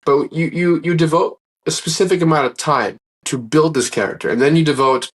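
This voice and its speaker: A man's voice: on the high side, a little fast, slightly rough. A man speaking as a guest in a casual interview, telling stories in an earnest, rambling way and often restarting his sentences. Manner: earnest, rambling, acts out quoted dialogue.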